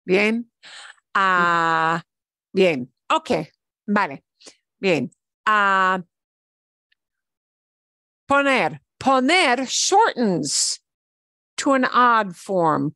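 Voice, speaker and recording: Slow, patient woman teaching Spanish. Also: mid-range voice, a bit bright, no echo. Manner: patient, repeats words slowly for learners; switches between English explanation and Spanish examples. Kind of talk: online language lesson.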